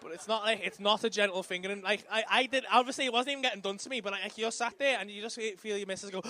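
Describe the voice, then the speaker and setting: Fast, high-voiced comic. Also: male voice. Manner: rapid, profane, animated storytelling. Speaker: stand-up comedian. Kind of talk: stand-up comedy set. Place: comedy club stage. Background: audience laughter.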